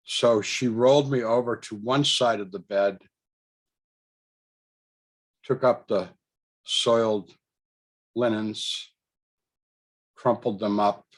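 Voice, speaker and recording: Guy with a lowish voice just telling a story, lots of ums and restarts, little laughs. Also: fairly even intonation, takes it slowly, long pauses. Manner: rambling, with many fillers and restarts; chuckles between thoughts. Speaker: storyteller recounting a personal experience. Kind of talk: casual spoken storytelling.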